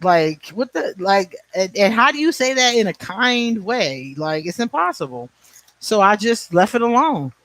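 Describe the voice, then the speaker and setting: A man in his forties, his voice pitched high, chats on a livestream in a blunt, profane way, laughing often and thanking viewers by name. The sound is dry and close, with no room echo. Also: very animated, a little slow, a bit bright. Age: 40s. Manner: answers viewer comments by name. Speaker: livestream host. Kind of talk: casual livestream chat.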